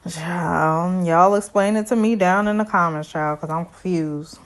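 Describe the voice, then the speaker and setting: A young woman giving a casual, sassy recap of a reality show, full of animated asides to her viewers. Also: lowish voice, a little slow. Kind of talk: casual review commentary.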